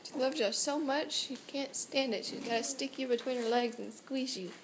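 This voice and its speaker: A woman's voice: sits high, moderate pace, noisy background. A young mother filming at home, coaxing her toddlers in a sing-song baby-talk voice. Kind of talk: home video, talking to small children. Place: living room at home.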